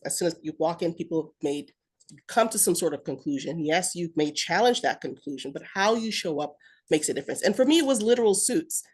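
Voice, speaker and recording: A woman author speaking to an audience about her book in a steady, emphatic way. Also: on the low side. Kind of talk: casual talk to an audience.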